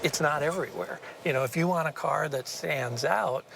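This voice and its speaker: A man explaining a car in a relaxed, chatty way as a reviewer. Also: on the high side, normal speed, creaky, a little hiss or hum. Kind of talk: casual explanation. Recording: music bed under voice.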